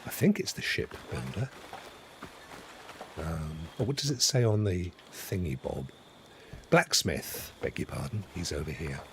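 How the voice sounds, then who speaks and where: Gravelly and low, the voice belongs to a middle-aged gaming streamer who speaks expressively and without hurry, leaving long pauses. Slight background noise runs under his chatty, rambling play-by-play, which he keeps revising as he goes.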